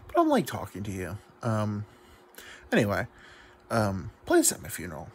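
A drunk man rambles through a confessional monologue, his low voice gravelly with fry. His pitch swings wildly from line to line, and he talks in self-deprecating asides, trailing "like" and "um" everywhere. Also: sing-song, moderate pace, long pauses, a little hiss or hum. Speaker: YouTube comedian.

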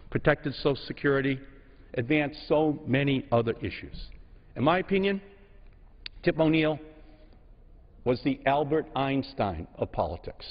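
A congressman in his sixties from Massachusetts giving a measured, emphatic floor speech, slow and full of pauses. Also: medium pitch. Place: legislative chamber. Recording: dull sound in a reverberant chamber.

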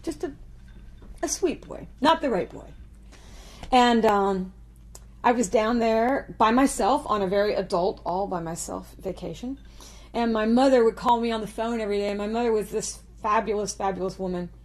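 A woman's voice: medium pitch, normal speed, a little mellow. A woman songwriter telling a story in a chatty, self-mocking way, laughing often. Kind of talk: storytelling interview.

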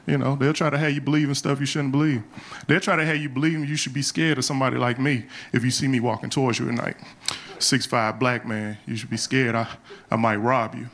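A man's voice: mid-range voice, steady tone, brisk, fairly bright tone. A young adult man doing a live stand-up routine on a comedy club stage, talking loosely and conversationally with slangy asides.

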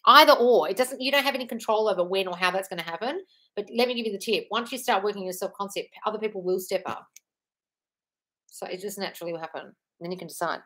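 A woman's voice: medium pitch, fast, sharp tone, poor audio. A young woman hosting a live-stream Q&A, reading viewers' comments aloud and answering bluntly, swearing freely and calling people darling. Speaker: livestream host.

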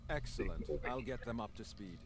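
An actor voicing a formal Romulan commander. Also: male voice, lowish voice, animated, moderate pace, noisy background, lightly acted. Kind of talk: video game character dialogue.

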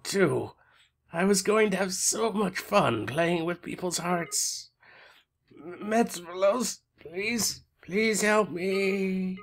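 A man's voice: on the high side, creaky, voice pushed up, exaggerated voice. A man voicing a whimpering beaten villain. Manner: soft and pleading. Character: defeated scheming villain, whimpering and begging.

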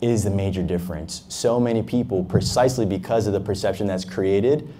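Speaking a little fast in a warm, lowish voice, a young entrepreneur from Harlem, New York, recounts his path in business at a fireside chat. His manner is emphatic and motivational, with casual swearing, and there's slight background noise.

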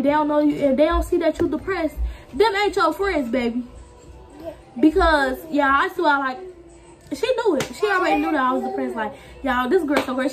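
A talkative young woman vlogging in a candid heart-to-heart chat with viewers. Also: high voice. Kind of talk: casual chat.

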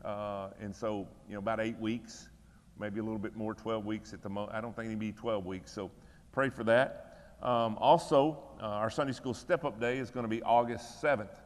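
A man's voice: on the low side, little pitch movement, fairly quick, big-room sound. A middle-aged man serving as pastor, giving church announcements and prayer requests in a folksy, conversational, encouraging way in a church room.

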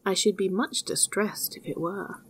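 A woman's voice: mid-range voice, steady tone, normal speed, slightly rough, natural voice. A woman voicing a fearless, naive young man who speaks plainly and earnestly in a storybook reading.

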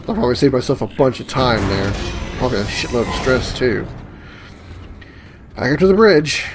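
A man's voice: mid-range voice, sing-song, normal speed. A man casually commenting on his gameplay, muttering reactions and swearing when startled, with game music playing behind him. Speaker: let's play gamer. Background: game music and sound effects.

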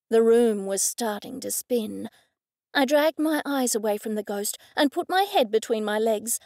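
A woman narrating an audiobook in the first person, telling the story in a clear, measured way. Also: a little high, a little mellow, dry recording, clean studio sound.

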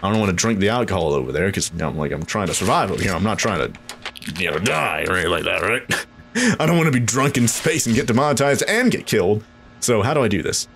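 A young man casually commenting as he plays a video game, chatty and excitable, jumping high in pitch when startled. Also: fast, a little hiss or hum. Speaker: gaming channel host. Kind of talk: casual let's play commentary.

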